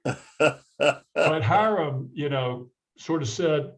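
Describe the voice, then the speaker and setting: A man's voice: on the low side, normal speed, a little mellow, highs cut off. A man from the American South telling a personal story as a guest, acting out the voices of the people in it. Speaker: guest physician. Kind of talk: storytelling in a conversation.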